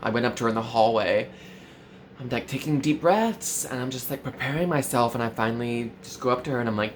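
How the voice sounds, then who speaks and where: A young man talking straight to the camera in a mock-earnest, confessional tone. He leans on valley-girl fillers and his pitch jumps up sharply, while faint noise sits behind him in a small room. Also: brisk. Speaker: comedy vlogger. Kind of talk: parody confessional vlog.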